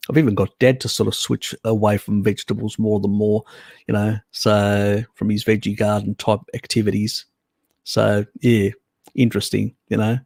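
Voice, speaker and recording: A relaxed Australian man chatting on his own live stream, rambling loosely and swearing now and then. His voice sits low with a gravelly fry. The sound is dry, with no room around it. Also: no room sound. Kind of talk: casual chat reading viewer comments.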